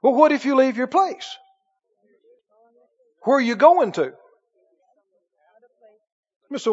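High-voiced man preaching a sermon. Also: expressive, slow, long pauses, darkish tone, slightly rough, long reverb tail, muffled recording. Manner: emphatic preaching with call-and-response and quoted voices. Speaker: pastor.

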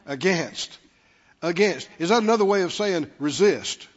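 In an animated sermon, a male pastor with a very high voice speaks slowly and emphatically, repeating key words and calling on the congregation to answer back. The dull, lo-fi recording captures his voice ringing through a long hall reverb in a church sanctuary.

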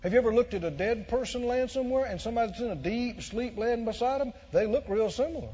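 A high-pitched man delivering an emphatic sermon, piling up repeated phrases and rising to shouts. His voice is husky, and the recording is muffled, with a long reverb from a large hall. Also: lively intonation, fast talker. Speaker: preacher.

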